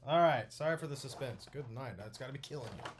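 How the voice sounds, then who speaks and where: A young man chats his way through an unboxing, rambling and excitable, leaning on filler words. His voice sits at an ordinary pitch for a man. A faint hiss hangs under the recording. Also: fast talker. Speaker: toy unboxing vlogger. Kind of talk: casual unboxing commentary.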